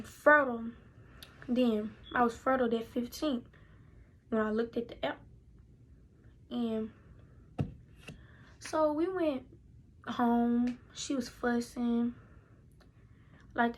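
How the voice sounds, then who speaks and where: A woman's voice: a little high, a little hiss or hum. A young woman telling a personal story in a casual, chatty way, talking directly to her viewers. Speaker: vlogger.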